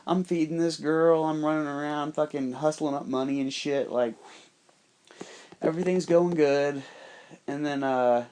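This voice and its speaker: A man's voice: fairly high pitch, measured pace, smooth. A man telling a personal story in a casual, rambling monologue, swearing constantly and acting out the voices of other people. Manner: profane, rambling, animated quoting of others. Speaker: podcast storyteller.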